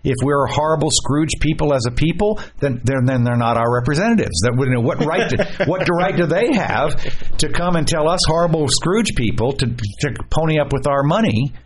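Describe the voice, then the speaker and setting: A man hosting a radio talk show, casual political talk with animated, repetitive delivery and jokey asides. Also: a little high, normal speed, breathy edge.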